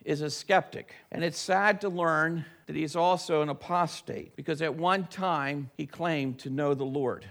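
A man preaching a sermon, dramatic, swinging between loud emphasis and low, hushed lines. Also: creaky.

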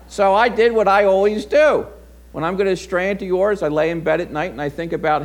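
Man, middle-aged pastor, voice sits a bit high; folksy, chatty sermon delivery. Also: fairly quick, slight background noise. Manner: folksy storytelling, conversational. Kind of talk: sermon with personal story.

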